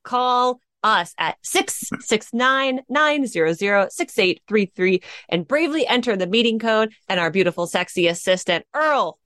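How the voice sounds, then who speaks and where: A woman's voice: fairly high pitch, expressive, fairly bright tone, no room sound. Casting: bubbly female podcast co-host, jokey asides, dry close recording. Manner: bubbly, joking, quick asides. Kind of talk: live show chat.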